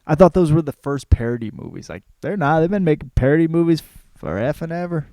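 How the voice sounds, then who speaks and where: A man's voice: fairly high pitch, animated, quick pace, mellow, no room sound. A man hosting his podcast in a casual, crude, rambling comic monologue with plenty of fillers and cursing. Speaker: podcast host.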